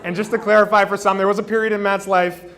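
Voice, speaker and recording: A man's voice: high voice, level tone, quick pace, a bit bright, some chatter behind. A man in his thirties giving a best man toast at a wedding reception on a handheld microphone, joking at his own expense and often restarting his sentences. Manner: joking, self-deprecating, with frequent fillers and restarts. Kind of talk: wedding toast to a live crowd. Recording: noisy wedding reception recording.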